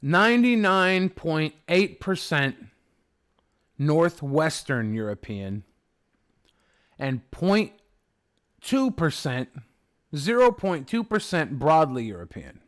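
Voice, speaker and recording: This livestream host has a voice on the high side with big pitch swings, speaking slowly with long pauses. He casually chats with viewers and reads their comments, rambling along in a profane, sarcastic manner.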